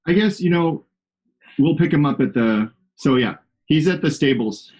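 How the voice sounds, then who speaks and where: A man's voice: on the high side, animated, moderate pace, a little mellow. A man playing a tabletop game, joking around in character and repeating himself for effect. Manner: jokey, exaggerated, repeats himself. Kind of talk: playful in-character banter.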